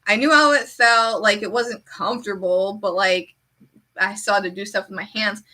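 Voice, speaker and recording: A woman streamer in casual chat, an animated storyteller who fills her talk with "like". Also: mid-range voice, normal speed. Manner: chatty, heavy use of "like".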